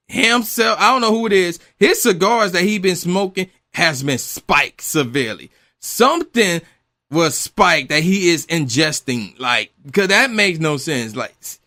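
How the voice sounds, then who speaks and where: A man's voice: high voice, pushed and bright. A man ranting in exasperated, incredulous commentary, swearing freely. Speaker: commentary vlogger.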